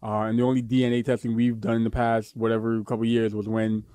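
A man's voice: mid-range voice, completely flat delivery, fast, dark tone, smooth, no echo. A young man co-hosting a podcast in casual chat, rambling and joking with lots of fillers and restarts. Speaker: podcast co-host.

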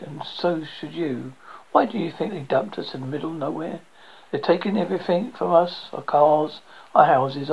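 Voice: mid-range voice, creaky, muffled recording, slight background noise, natural voice. A storyteller voicing a blunt, pessimistic man who barks grim warnings. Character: bitter, pessimistic man, quick to snap.

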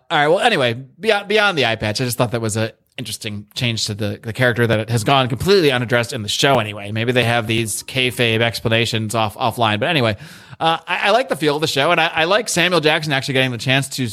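This is a man co-hosting a podcast in loose, casual chat. He gives rambling, opinionated takes and swears freely. He keeps stopping and restarting his sentences, and his voice sits at a middling pitch. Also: bright, forceful tone. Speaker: podcast co-host. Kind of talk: casual chat reviewing a TV show.

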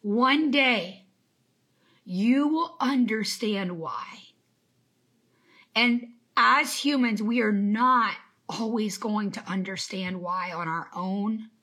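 A woman's voice: mid-range voice, slow pace, sharp tone. A woman in her thirties, a business coach giving an emphatic, faith-infused motivational talk on a live stream and greeting viewers by name. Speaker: business coach and podcast host.

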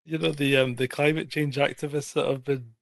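A man's voice: mid-range voice, steady tone, a little fast, vocal fry, no echo, clean studio sound. A man co-hosting a podcast, agreeing often and telling a story with laughter in casual chat. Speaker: podcast co-host.

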